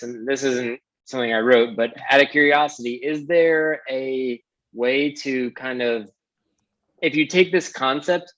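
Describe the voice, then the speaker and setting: A man in a comedy class pitching joke ideas and asking questions, halting as he searches for words. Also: a bit bright, no room sound. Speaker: comedy student. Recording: dry, dull lo-fi sound.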